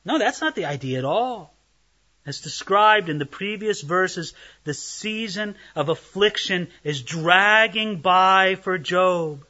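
A male preacher with a high, bright voice delivers an emphatic Bible sermon, throwing drama into the verses he explains. The recording sounds dull and lo-fi. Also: lively intonation, takes it slowly. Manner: emphatic, dramatizes scripture passages.

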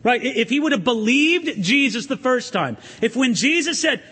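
A pastor preaching an animated sermon in a church, asking the congregation questions and swinging his emphasis up and down. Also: very high-pitched, normal speed, husky, big-room sound.

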